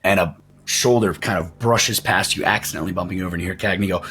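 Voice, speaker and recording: A man narrating and ruling as the game master in a tabletop game, describing scenes in a lively way. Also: low-pitched, fast talker, slightly rough.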